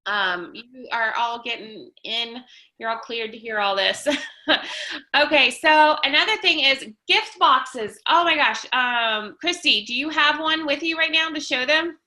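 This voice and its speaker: A woman's voice: high-pitched, measured pace, sharp tone, low-quality recording. A woman leading a casual livestream update for her sales team, enthusiastic and full of ums and restarts. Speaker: direct sales team leader.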